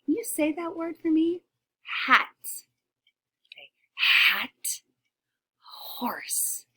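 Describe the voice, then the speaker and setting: Breathy teacher sounding out letters slowly. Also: female voice, sits high. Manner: slow, exaggerated sounding-out of letters, often dropping to a whisper; animated, encouraging, with gasps of discovery. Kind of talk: shared reading lesson for young children.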